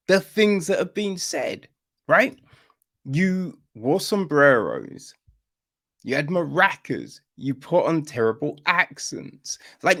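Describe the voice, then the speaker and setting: A man's voice: fairly high pitch, vocal fry. A middle-aged man giving blunt, sweary podcast commentary, ranting and checking in with "right?". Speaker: podcast host.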